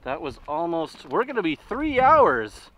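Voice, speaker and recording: A man's voice: fairly high pitch, very animated, a little slow, fairly bright tone, low-quality recording. A man narrating a family hike outdoors, chatty and encouraging toward his kids. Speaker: parent vlogger hiking with kids. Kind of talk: casual family vlog narration. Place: outdoors on a desert trail. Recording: clear wind and outdoor noise. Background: wind and outdoor noise.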